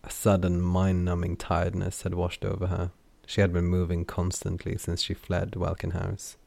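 A man reading a fantasy novel aloud in measured, scripted narration. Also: low voice, completely flat delivery, gravelly, darkish tone. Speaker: audiobook narrator.

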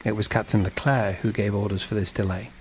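A man's voice: fairly low pitch, steady tone, brisk, a little hiss or hum, natural voice, rough recording. Kind fatherly ship owner guy, a man doing him in a story, asks lots of questions. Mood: kindly. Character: male shipowner, warm and fatherly employer.

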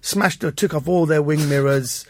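A man, a comedian guest, telling anecdotes in an animated way in casual chat and acting out the voices he quotes. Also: fairly high pitch, a little slow, no echo.

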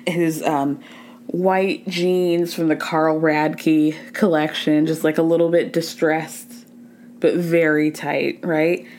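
A woman's voice: medium pitch, darkish tone, slight background noise. Woman, podcast host, casual TV recap, chatty, profane, acts out quotes. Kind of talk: casual pop culture recap.

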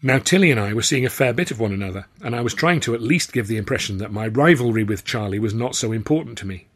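A man with an English accent narrating his own novel in the first person, wry and measured. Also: medium pitch, animated. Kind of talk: scripted storybook narration.

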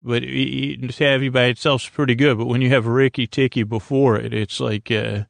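Drifting idea to idea, a male sleep podcast host delivers a silly bedtime monologue, tripping over restarts and filling gaps with filler words. His gravelly, creaky voice has medium pitch, a level tone, and normal speed, captured close in a dry recording.

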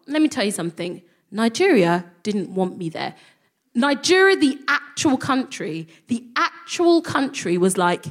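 A woman's voice: medium pitch, moderate pace. A woman from London with a London accent, performing a stand-up comedy set and telling a story with lots of acted-out voices. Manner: animated storytelling, acts out quoted voices. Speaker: comedian co-host. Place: live theatre with audience.

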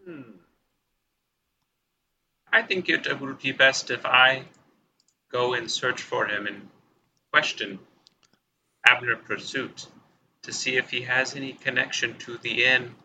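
Bright-toned deliberate male player. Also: mid-range voice, a little hiss or hum, low-quality recording. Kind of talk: in-character tabletop play.

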